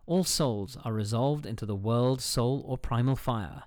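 A man's voice: medium pitch, measured pace, few pauses, darkish tone, no echo, clean studio sound. A man hosting a casual solo podcast, reading a book aloud, stumbling over hard words, cursing at himself and breaking off with joking asides. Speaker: podcast host.

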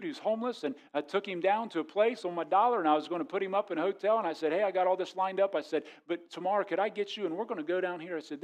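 Animated high-voiced male preacher. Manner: animated, acts out quoted voices, swings from loud to quiet. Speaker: pastor. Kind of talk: sermon.

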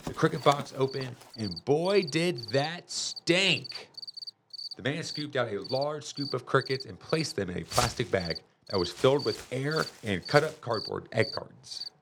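A man reading a children's chapter book aloud in a lively, expressive storytelling manner. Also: medium pitch, a little slow, heavy background noise. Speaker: storybook reader. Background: music.

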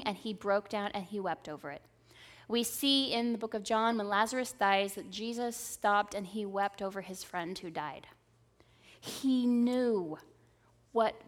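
A woman in her thirties preaching a sermon in an earnest, conversational way, often checking in with the listeners. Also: fairly high pitch. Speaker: speaker at a church service.

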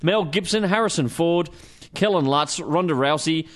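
A man's voice: on the high side, moderate pace. An Australian man hosting a casual podcast chat, rattling off movie news and swearing freely. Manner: chatty, swears, reels off news. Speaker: podcast host.

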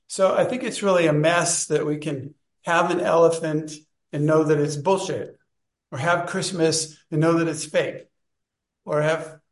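A man's voice: on the high side, fairly even intonation, unhurried, roomy sound. A man in a study group, casually telling a personal story and rambling as he searches for words.

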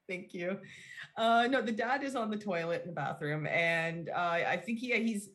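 A woman's voice: medium pitch, unhurried, a bit bright. Woman rambling through a movie scene. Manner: rambling storyteller, loosely acts out scenes. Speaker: podcast co-host. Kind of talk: casual podcast chat.

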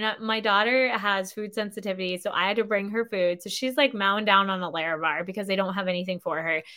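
A woman in her thirties chats her way through a story as a podcast host. She rambles freely, fills her sentences with "like" and breaks into laughter often. Her pitch sits in the middle range for a woman. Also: a bit bright. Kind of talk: casual storytelling.

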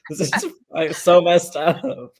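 A man on a podcast panel, giving his opinions in a measured but emphatic casual way. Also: a little high, lively intonation, creaky, a little mellow. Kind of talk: casual chat.

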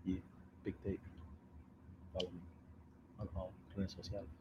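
A man putting on a low, hushed mock radio DJ voice as a boastful self-promoting announcer. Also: level tone, moderate pace, highs cut off, noisy background, natural voice. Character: smooth-talking male radio DJ self-promoter.

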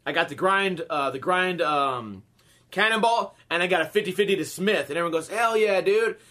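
He's a podcast host in his thirties with a fairly high, brisk delivery. In casual storytelling laced with swearing, he animatedly voices the people who appear in his tales.

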